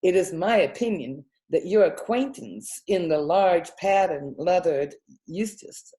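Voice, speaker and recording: A woman's voice: on the low side, unhurried, warm tone, close to an everyday voice. A woman voicing a formal, long-winded male python snake in a storybook reading. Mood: urgent. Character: old-fashioned, wordy male python snake.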